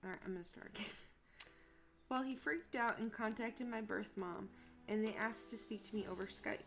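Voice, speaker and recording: A woman's voice: mid-range voice, normal speed, music in the background. A young woman co-hosting a podcast in casual chat, reading a post aloud and then swearing indignantly about it. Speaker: podcast co-host.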